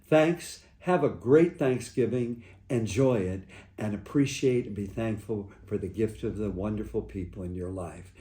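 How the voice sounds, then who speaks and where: A man who is a priest, sharing a gentle personal reflection in a halting, heartfelt way with many restarts. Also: medium pitch, lively intonation. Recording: echoey room.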